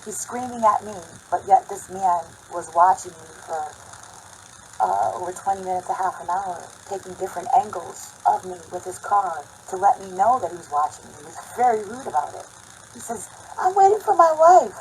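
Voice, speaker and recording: A woman's voice: lowish voice, fairly quick, slight background noise, low-quality recording. A woman talking casually and emphatically to her viewers in a vlog monologue. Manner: conversational, emphatic, talks directly to viewers. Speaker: vlogger.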